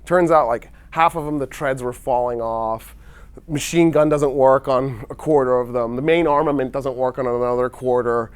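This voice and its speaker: A man telling a history story in a loose, casual lecture style, acting out countries in quick quoted dialogue with wry asides. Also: medium pitch, smooth.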